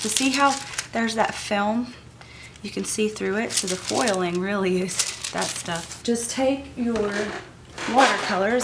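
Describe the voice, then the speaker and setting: A woman's voice: mid-range voice, noisy background. A woman, sniffly, chattily teaching an art journaling craft technique while she works at home. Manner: chatty and gushing, talks while working. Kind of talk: casual craft tutorial.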